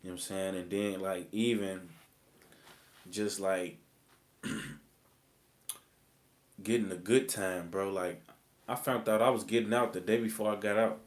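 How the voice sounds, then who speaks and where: A man's voice: low-pitched, fairly even intonation, measured pace, long pauses. A man, telling his own story in rambling, slang-heavy street talk full of fillers. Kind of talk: casual storytelling.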